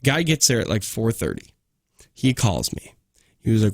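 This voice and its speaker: A man's voice: on the low side, wildly swooping pitch, normal speed, creaky, no room sound, clean studio sound. A male radio morning show host casually telling a story on air, acting out both sides of his phone calls. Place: radio studio. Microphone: studio microphone.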